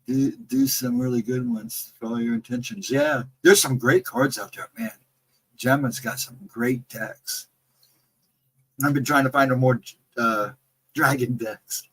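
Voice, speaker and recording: A husky middle-aged man with a Central Ohio accent chats loosely on a livestream. He rambles from story to story and reads out chat comments as he goes. His R and W sounds come out a bit soft, and his voice has a breathy rasp to it. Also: mid-range voice, expressive, measured pace, low-quality recording. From Central Ohio, near Columbus. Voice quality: trouble with R and W sounds. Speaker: livestream co-host.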